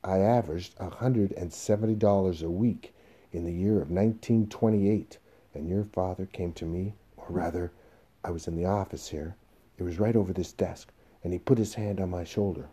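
A man reading the part of an aging, desperate salesman pleading with his boss, in a husky voice. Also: low voice, steady tone, fairly quick. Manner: pleading, emotional, rising to shouts.

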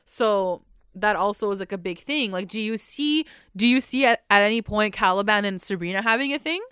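A woman in a casual co-host chat, talking things over with a chatty, questioning manner and plenty of filler words. Her voice is smooth and clean, and it is recorded close and dry. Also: medium pitch, brisk, a bit bright, no room sound. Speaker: podcast co-host. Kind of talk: casual chat recapping a TV episode.

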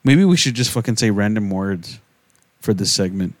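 A man's voice: on the low side, normal speed, dry recording. A man co-hosting a podcast, teasing his friend and rambling with plenty of swearing. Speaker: podcast co-host. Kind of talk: casual podcast banter.

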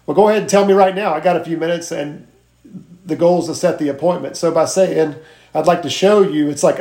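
A man sharing sales tips on a group video call, earnest and halting as he reads from his notes. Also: fairly high pitch, darkish tone, reverberant.

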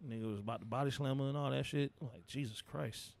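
A man's voice: medium pitch, quick pace, gravelly. A man co-hosting a podcast in casual chat, loose and profane, acting out quotes as he tells stories. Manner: loose, profane, animated storytelling with acted quotes. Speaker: podcast co-host. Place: studio.

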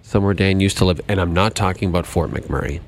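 This podcast co-host's voice sits low and moves at a quick pace, with a bit of background noise behind it. His talk is casual and comic, packed with teasing, jokes and plenty of laughter.

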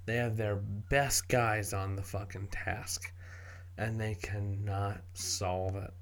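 Level in tone and a bit low in pitch, this man's creaky, gravelly voice moves at an unhurried, slow pace. His casual commentary wanders, is full of profanity and often backs up to start phrases over.

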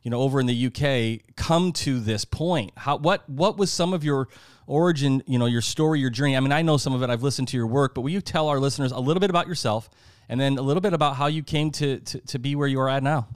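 A man's voice: mid-range voice, fast, clean tone, dry recording, clean studio sound. Enthusiastic male podcast host. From United States. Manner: enthusiastic, rambling, many fillers. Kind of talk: casual interview conversation.

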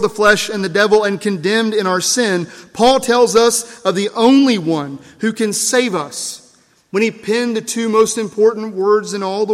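A man preaching a sermon as pastor, emphatic and measured, repeating key phrases and letting his lines fall away softly. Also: sits high. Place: church. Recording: long reverb of a church hall.

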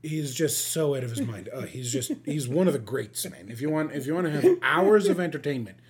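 A man's voice: medium pitch, fairly quick, breathy edge. A man co-hosting a podcast, chatting casually and telling stories with lots of laughter. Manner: animated storyteller, laughing, quoting people in funny voices. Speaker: podcast co-host. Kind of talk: casual chat.

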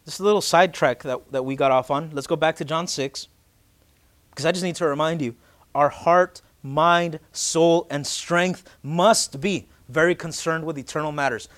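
A man in his late twenties, a pastor, preaching a casual, joking sermon that swells into loud, urgent emphasis. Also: a little high, moderate pace. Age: late 20s.

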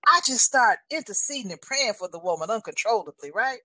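A woman in her sixties sharing a faith testimony in a casual, animated and emphatic way, often calling the listener honey. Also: on the high side, brisk, dry recording. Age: 60s.

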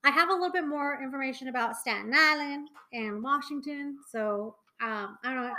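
A woman's voice: high voice, moderate pace, bright, forceful tone, poor audio. A young woman co-hosting a podcast in a casual chat, rambling with lots of fillers and restarts. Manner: chatty, many fillers and trailing restarts. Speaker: podcast co-host.

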